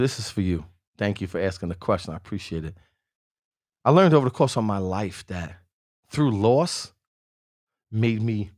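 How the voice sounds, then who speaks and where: With a lowish, darkish voice, this podcast host tells an earnest, motivational story from his own life in relaxed, slangy language, calling the listener by name. The studio recording is clean, without any room sound.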